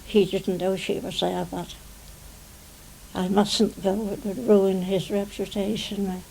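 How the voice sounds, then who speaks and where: Slow gravelly English woman in her nineties. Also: medium pitch, level tone, mellow, a little hiss or hum, poor audio. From England. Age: 90s. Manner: rambling, fond of "you see". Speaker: interviewee, retired stage actress. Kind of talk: reminiscing interview. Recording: 1990 television interview.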